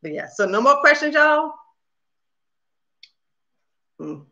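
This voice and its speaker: A woman hosting a livestream, chatting casually with her viewers and talking very fast. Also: high voice, very animated, sharp tone, highs cut off. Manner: talks very fast; chatty and upbeat, addresses viewers as "y'all". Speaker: cooking channel host on a livestream. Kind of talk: casual chat with live viewers.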